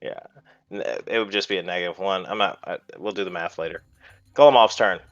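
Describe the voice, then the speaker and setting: A man's voice: deep voice, a little fast, no echo, faint music behind. A man running a tabletop game as dungeon master, laid-back and stumbling over his words. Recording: muffled lo-fi audio.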